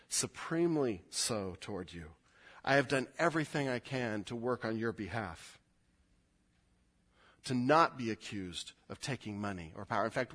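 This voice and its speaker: A man, a pastor, preaching a verse-by-verse sermon, often climbing high and loud as he explains. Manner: animated, rises sharply in pitch and volume when explaining.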